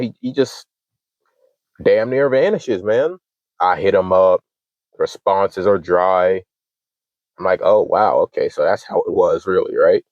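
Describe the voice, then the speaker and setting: Deep-voiced young man ranting, profane. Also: darkish tone, no room sound, muffled recording. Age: 20s. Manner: heated, profane, acts out both sides of arguments. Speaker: channel host. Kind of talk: casual storytelling rant.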